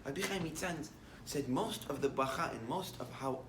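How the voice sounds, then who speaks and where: A rabbi preaching a morning talk, a man with a fairly high voice who tells a story and builds to strong, emphatic lines. He sits back from the mic in an echoey room, and a faint hiss hangs under his words. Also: normal speed, fairly bright tone, far from the mic. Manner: mixes Hebrew terms into English, storytelling, rising to emphatic declarations. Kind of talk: short morning sermon with a story.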